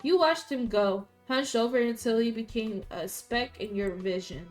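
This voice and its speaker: A woman streaming a story game, reading its text aloud and breaking into loud, profane outbursts. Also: fairly high pitch, moderate pace, soft background music. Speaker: gaming streamer.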